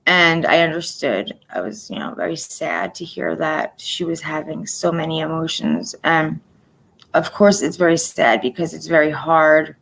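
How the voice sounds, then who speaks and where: A woman in her forties giving a personal livestream update, soft-spoken and halting, often dropping to a near-whisper. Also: low voice, steady tone, gravelly, rough recording. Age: 40s. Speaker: livestream host.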